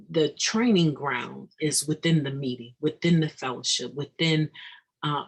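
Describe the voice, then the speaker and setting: A speaker at a recovery meeting gives an earnest, reflective daily meditation talk, halting and restarting mid-thought with sudden emphatic bursts. The voice is medium-pitched, gravelly, a bit bright and slightly rough, and the recording is rough.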